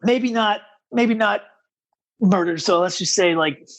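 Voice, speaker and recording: A man telling stories as a guest on a casual podcast, animated and rambling, with lots of fillers. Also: high-pitched, measured pace, low-quality recording. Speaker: podcast guest, combat rescue officer.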